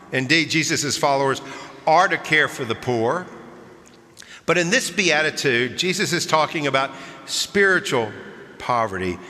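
Male pastor, bright clear voice, storytelling sermon, long church reverb. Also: on the high side. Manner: warm storytelling with chuckles, then earnest preaching. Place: large church sanctuary.

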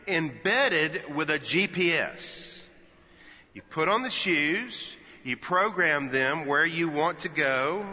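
A Texas pastor in his fifties preaches in a church sanctuary, his voice a little high, bright, and forceful. He mixes folksy storytelling with playful asides, and the dull recording carries long church reverb.

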